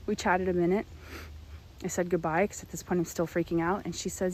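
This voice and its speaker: A woman's voice: lowish voice, brisk, a little hiss or hum. Woman telling a personal story. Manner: animated storytelling. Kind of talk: personal testimony.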